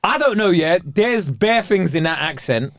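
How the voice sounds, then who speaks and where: Animated man, high and lively. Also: a little slow, no echo, clean studio sound. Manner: animated, slangy, laughs often. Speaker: podcast co-host. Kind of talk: casual chat.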